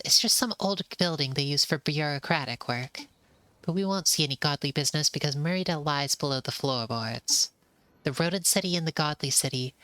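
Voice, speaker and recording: A woman's voice: low voice, bright, forceful tone, no echo. A woman voicing a chatty, easygoing male pigeon pilot, reading game dialogue aloud in a casual, slangy way. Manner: laid-back, casual slangy speech.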